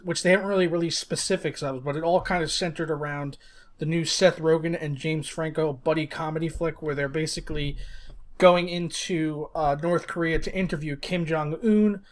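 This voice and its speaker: American male podcast host, casual, jokey, voice on the higher side. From United States. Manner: joking, laid-back banter.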